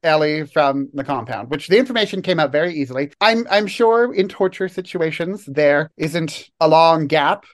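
A podcast co-host talking through a TV episode with dry humor and thoughtful analysis. The voice sits at a middling pitch, and it often slows down deliberately to choose its words. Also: expressive. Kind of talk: casual TV analysis chat.

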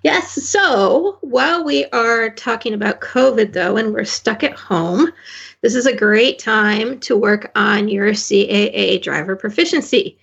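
Gravelly-voiced woman guest on a lo-fi line. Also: fairly high pitch, measured pace, a bit bright. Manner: hesitant, many fillers and restarts. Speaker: guest, carriage driving association representative. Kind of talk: casual radio interview.

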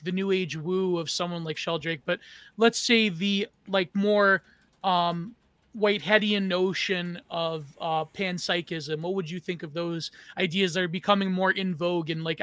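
A high-pitched man co-hosts a casual podcast discussion, rambling through his questions and groping for words. His tone is bright and forceful. The sound is dry and close. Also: dry recording. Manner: rambling, searching for words, swears. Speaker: co-host.

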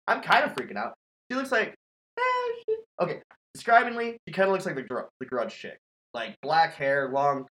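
Lively, foul-mouthed man spinning a spooky tale. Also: mid-range voice, low-quality recording. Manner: animated, profane, laughing often. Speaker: podcast host. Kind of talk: casual storytelling chat.

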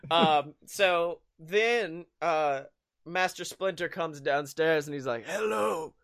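A man's voice: fairly high pitch, takes it slowly, a bit bright, clear, resonant tone. A man hosting a podcast, recapping a movie in a rambling, profane way with frequent laughs. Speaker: podcast host. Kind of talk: casual chat recapping a movie.

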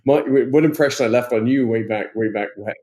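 A man's voice: medium pitch, a little fast, mellow. A man with a British-tinged accent hosting a casual interview podcast, chummy and rambling. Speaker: podcast host.

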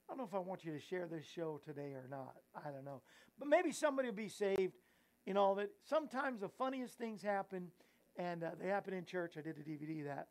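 A man's voice: high voice, expressive, brisk. A man hosts a casual Christian talk show. He rambles, giggles at his own slips and pokes fun at himself. He shifts into earnest, preachy exhortation. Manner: rambling, giggly, self-mocking. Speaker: host and evangelist.

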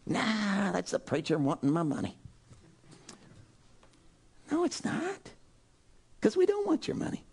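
Animated high-voiced male preacher. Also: measured pace, pauses often, slightly rough. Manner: animated, exclaiming, swings between loud and soft. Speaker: pastor. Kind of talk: sermon.

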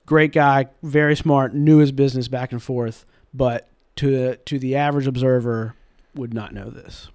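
A man in his twenties with a mild Southern accent, a general counsel telling animated stories as an interview guest. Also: medium pitch, no echo, clean studio sound. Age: 20s. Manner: animated anecdotes, brisk delivery. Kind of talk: storytelling in an interview.

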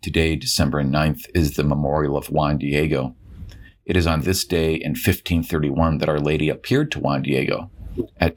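A middle-aged man with an exceptionally deep, low voice delivers a prepared reflection. His reading is measured and earnest, steady from line to line. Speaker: educator sharing a reflection.

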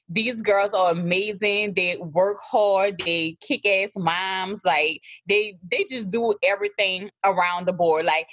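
A woman with a thick New Orleans accent talks in a relaxed, chatty way, a little husky. The sound is close and dry. She co-hosts a casual podcast chat. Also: mid-range voice, no room sound. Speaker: podcast co-host.

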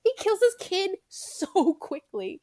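A woman's voice: extremely high pitch, slow pace, dry recording. A young woman co-hosting a casual podcast, ranting about a movie with swearing and acted-out quotes. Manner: animated, swears, acts out scenes. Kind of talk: casual chat, movie rant.

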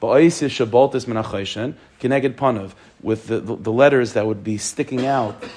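A rabbi teaching a text class, reading each phrase aloud and then explaining it. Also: male voice, medium pitch, moderate pace, a little mellow, slight background noise. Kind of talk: text study lesson.

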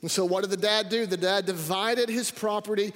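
High-voiced preacher in a hall. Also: male voice, a little fast. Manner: energetic preaching, calls out to the congregation. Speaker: pastor. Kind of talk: sermon. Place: church sanctuary. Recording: reverberant hall.

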